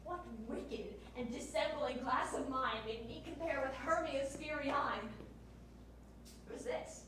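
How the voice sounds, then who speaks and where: A woman's voice: sits high, measured pace, fairly bright tone, slight background noise. A teenage girl playing a spurned young noblewoman on stage, pleading and plaintive. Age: teens. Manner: plaintive, pleading verse delivery. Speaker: stage actor. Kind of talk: stage Shakespeare acting. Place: school theater stage. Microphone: distant room mic. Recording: echoey stage from far off.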